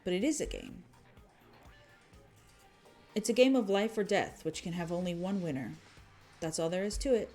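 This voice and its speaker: A woman's voice: on the low side, sing-song, normal speed, pauses often, dark tone, faint music behind. A woman doing a cold, arrogant young heir. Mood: cold, smug. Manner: condescending, clipped.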